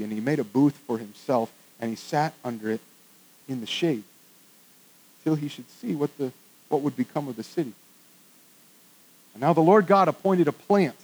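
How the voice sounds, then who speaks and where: A man with a high voice preaches a sermon in a church, talking in a casual, conversational way. He drops to a hush for reflective points and rises to loud emphasis when he drives a point home. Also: poor audio. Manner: conversational, swings from hushed to emphatic. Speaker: pastor. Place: church with congregation.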